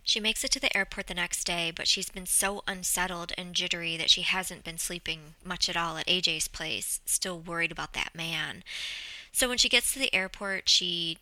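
Bright, dramatic woman storyteller. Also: lowish voice, fairly even intonation, normal speed, no echo, poor audio. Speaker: book presenter. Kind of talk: storytelling book summary and read-aloud.

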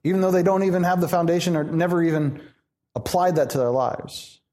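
A high-voiced man preaching a sermon. He speaks in a lively, conversational manner and asks the congregation questions. He slows down for his more serious points. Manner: animated, conversational, acts out quoted voices. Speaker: pastor.

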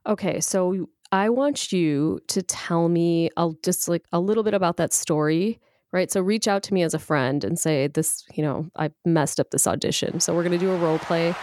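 Woman host, expressive, laughs often, lowish voice, dry close sound. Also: moderate pace, no room sound. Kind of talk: demonstrating role-plays in a conversation.

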